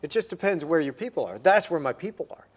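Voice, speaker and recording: A man's voice: on the high side, sing-song, fast. A man in his forties hosting a livestream, painting while chatting upbeat and answering viewer comments.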